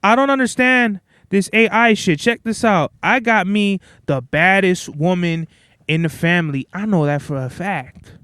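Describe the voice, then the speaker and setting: A young man hosting a podcast, telling stories in a blunt, profane, animated rant. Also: high-pitched, a little slow, clean tone, no room sound. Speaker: podcast host. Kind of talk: casual ranting monologue.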